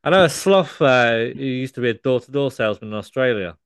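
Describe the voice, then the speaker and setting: A man's voice: medium pitch, animated, fairly quick, smooth, no room sound, close to an everyday voice. A man voicing a cheesy male car salesman, telling corny dad jokes in punchline rhythm. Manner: corny punchline delivery, stammering gag voice.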